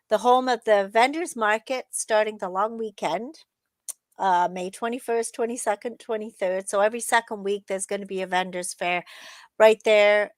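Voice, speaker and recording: A woman's voice: medium pitch, no room sound. A woman co-hosting a casual morning chat show, talking in an upbeat, chatty way with lots of fillers. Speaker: co-host.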